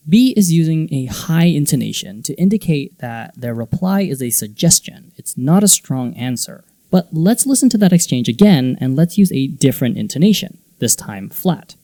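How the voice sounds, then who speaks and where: A man hosting a teaching video, explaining intonation in clear scripted narration and acting out example phrases. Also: mid-range voice, very animated, normal speed, few pauses, mellow, no echo. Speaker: English teaching video host.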